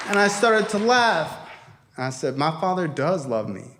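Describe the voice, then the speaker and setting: Over a noisy background, a young man with a fairly high voice speaks at normal speed to a crowd in a convention hall. He recounts his recovery through animated stories, acting out quoted voices and cursing frequently.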